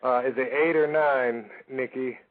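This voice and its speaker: A man's voice: mid-range voice, fairly even intonation, unhurried. A man hosting a loose call-in radio show, joking around and swearing freely. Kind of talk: loose, profane radio talk. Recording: tinny phone-like radio audio.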